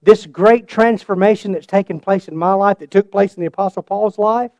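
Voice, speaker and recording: A middle-aged man preaching a sermon and telling his own story, swinging between loud bursts and hushed asides. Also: sits high, brisk, no echo. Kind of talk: sermon with personal testimony.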